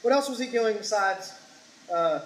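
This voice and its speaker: A man's voice: high voice, lively intonation, normal speed, a bit bright. A male pastor preaching a sermon, telling a story with acted-out quotes and punchy sound effects.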